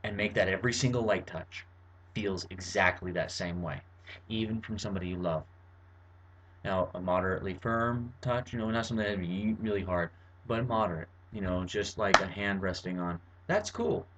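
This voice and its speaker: A man's voice: low-pitched, steady tone, moderate pace, a bit bright, dull audio. Rambling young man explaining at home. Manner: rambling, verbose, many fillers and restarts. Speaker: vlogger. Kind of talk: casual explanatory monologue to camera. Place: bedroom at home.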